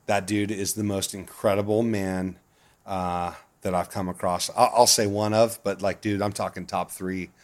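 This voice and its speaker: Low-voiced man telling stories, swearing freely. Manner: profane, animated, laughs often. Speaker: guest. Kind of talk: casual storytelling.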